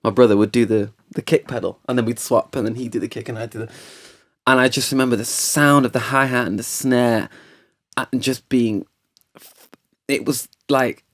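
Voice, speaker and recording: A man hosting a casual podcast chat from a studio couch, rambling and animated as he tells stories. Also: mid-range voice, normal speed. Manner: rambling, animated storytelling with laughs. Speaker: podcast host.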